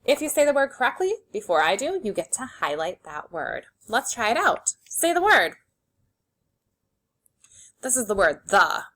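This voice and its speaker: A woman teacher leading a phonics lesson for young children, slowly sounding out words and giving simple, encouraging instructions. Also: fairly high pitch, sing-song, fairly bright tone. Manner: slow, clearly segmented sounding-out of words.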